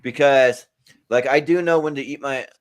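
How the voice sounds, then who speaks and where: A man's voice: mid-range voice, normal speed. A man chatting casually as a panelist, rambling with lots of fillers. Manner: rambling, many fillers and restarts. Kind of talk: casual group chat.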